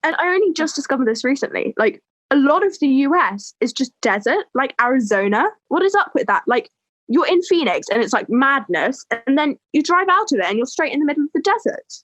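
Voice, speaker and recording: A teenage girl from England chats away on a podcast with lively, animated energy. Her voice sits a little high and sounds dry and close to the mic, with no room around it. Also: a little fast, no room sound. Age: teens. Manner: chatty and animated. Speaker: podcast co-host. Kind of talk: casual chat.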